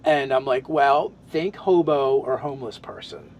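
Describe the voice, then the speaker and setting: A man's voice: medium pitch, moderate pace, slight background noise. A man in casual podcast chat, describing his tabletop game character, talking in loose, rambling sentences full of restarts and fillers.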